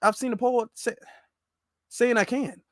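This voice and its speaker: A man's voice: extremely high pitch, steady tone, fairly bright tone, no echo, clean studio sound, voice pushed up. A man voicing an elderly male president who stammers, sounding confused and defensive. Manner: halting, stammering.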